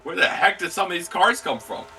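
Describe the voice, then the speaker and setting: A man doing laid-back color commentary for a sim race, reacting with quick exclamations. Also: high-pitched, animated, gravelly, sharp tone, far from the mic, faint music behind.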